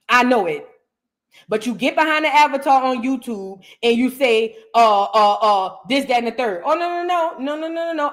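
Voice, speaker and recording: An American woman hosting a reaction show, giving heated commentary on viewer comments and repeating her lines for emphasis. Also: fairly high pitch. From United States.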